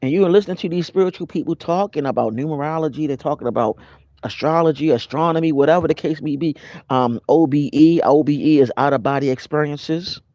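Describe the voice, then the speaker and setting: Speaking quickly in a slightly high voice, this male spiritual vlogger offers an easygoing pep talk and greets each viewer by name. He's animated and conversational with his live audience. The audio is muffled but free of echo.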